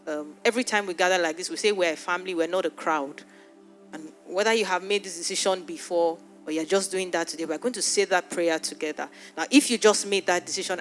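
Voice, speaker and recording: A woman pastor leading an altar call in a church, speaking earnestly and pleading, often repeating her words. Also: fairly low pitch. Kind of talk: sermon altar call and prayer. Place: church hall with live audience.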